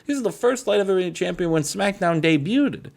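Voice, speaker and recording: A man's voice: high-pitched, animated, moderate pace, vocal fry, a little mellow. A man hosting a casual game commentary, rambling and playful, swearing and addressing his co-host often. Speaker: gaming channel host. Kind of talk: casual let's-play commentary.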